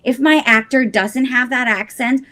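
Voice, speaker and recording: A woman's voice: a little high, fairly even intonation, normal speed, a bit bright. A woman actress speaking as a guest in an interview, earnest and thoughtful, often adding "you know" as she reflects.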